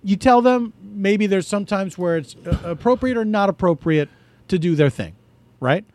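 A man guest on a comedy podcast, speaking in a quick, playful, coaching way during improvised chat. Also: high-pitched, expressive, a little mellow, dry recording.

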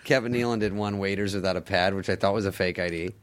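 A middle-aged comedian, guesting on a podcast, tells comic stories in a casual chat. His voice is a bit low with fairly even intonation, and his delivery is wry and sarcastic, with quick impressions of other people.

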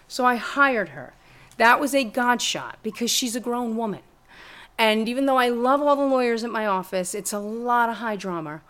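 A middle-aged woman telling her story in an interview, blunt and profane, with lively retellings of conversations. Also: medium pitch, moderate pace. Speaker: guest, music lawyer and teacher. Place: room with a live audience.

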